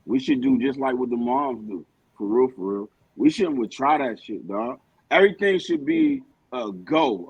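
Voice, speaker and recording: Husky man arguing bluntly on a podcast. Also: on the high side, no room sound, poor audio. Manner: blunt, emphatic, heavy profanity. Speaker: podcast co-host. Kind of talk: heated casual debate.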